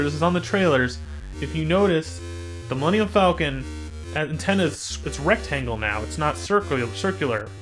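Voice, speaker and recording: A man with a fairly high voice talks loosely over a video game, rambling and circling back on himself. He breaks into sudden loud exclamations when something happens on screen. Faint music plays underneath. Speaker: gaming channel host. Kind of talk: casual gameplay commentary.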